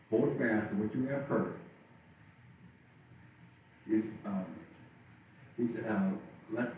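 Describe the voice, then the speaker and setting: A man preaching a sermon as pastor, speaking haltingly and often restarting and repeating his words. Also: lowish voice, mellow. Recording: very echoey, from far off, faint noise.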